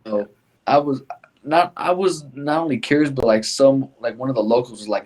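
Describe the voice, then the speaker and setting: A man's voice: medium pitch, a little fast, darkish tone. A man hosting a podcast in casual chat, laid-back and slangy, swearing freely. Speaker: podcast host.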